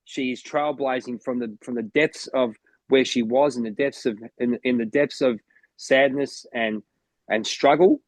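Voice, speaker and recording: An Australian man, a motivational coach co-hosting a podcast, chats casually with enthusiasm, rambling and often restarting his sentences. His mid-range voice is steady and unhurried, and the recording is dry.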